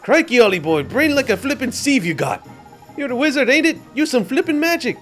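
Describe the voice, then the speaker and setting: A man's voice: mid-range voice, big pitch swings, quick pace, faint music behind, voice pushed up, close to an everyday voice. A man voicing a brash, bossy little male fairy sidekick while reading game dialogue aloud. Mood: exasperated. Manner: loud, bossy, exasperated.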